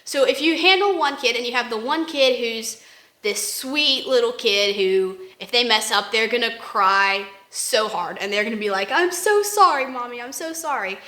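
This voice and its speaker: A woman's voice: on the high side, moderate pace, pushed and bright. A woman co-hosting a casual faith discussion, rambling and acting out examples in quoted voices. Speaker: podcast co-host. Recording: roomy echo.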